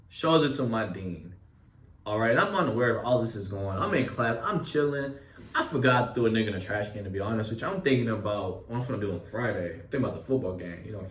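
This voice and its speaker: A young man casually telling a story from his school days, animated and full of profanity and street slang. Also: medium pitch, recorded from a distance. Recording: echoey room, off mic.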